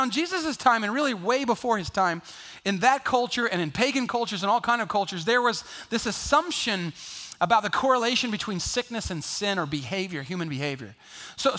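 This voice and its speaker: A man preaching a sermon in a lively, conversational way, joking and acting out the people in the story. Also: high-pitched. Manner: lively, conversational preaching with jokes and acted-out voices. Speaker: pastor.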